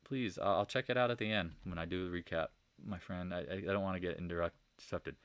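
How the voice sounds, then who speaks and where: A man's voice: deep voice, a little fast, a bit bright, clean tone, no room sound, clean studio sound. A man giving a casual, rambling market recap over charts, exasperated and preachy, firing off rhetorical questions. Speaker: market commentator.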